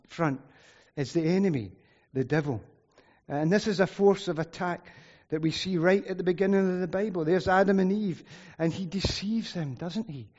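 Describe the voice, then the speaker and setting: A man's voice: high voice, a little mellow. A middle-aged man, preaching a sermon in an earnest, conversational way with frequent "you know" asides. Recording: muffled sound in a reverberant hall.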